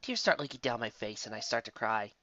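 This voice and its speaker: A woman reading a fan story aloud with expressive storybook narration. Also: a bass voice, brisk, muffled recording. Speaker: story reader.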